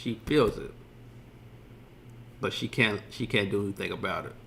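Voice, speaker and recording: A man's voice: fairly low pitch, moderate pace, gravelly, fairly bright tone. A man streaming a casual reaction commentary, rambling loosely and swearing freely as he retells scenes.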